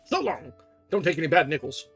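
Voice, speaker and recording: A guy voicing a cocky young soldier, husky voice, bouncy up-and-down delivery. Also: on the high side, very animated, a little fast, a bit bright, soft background music, voice pushed up, exaggerated voice. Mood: breezy. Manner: boastful, breezy. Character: boastful, conceited young male soldier.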